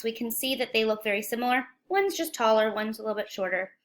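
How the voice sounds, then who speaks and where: A woman teaching a children's phonics lesson, speaking slowly and clearly, encouraging and asking young viewers questions. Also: on the high side, bright, forceful tone. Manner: slow, clear, encouraging, asks questions to kids.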